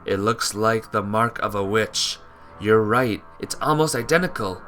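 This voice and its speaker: A man reading as a calm, kindly witch. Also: fairly low pitch, measured pace, soft background music. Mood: puzzled. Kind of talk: game dialogue read aloud.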